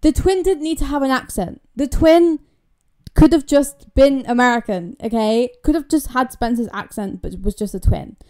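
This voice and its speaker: Her voice sits high and mellow at a moderate pace as this young woman from Britain talks to her YouTube audience. The casual commentary vlog is chatty and emphatic, with words repeated for emphasis.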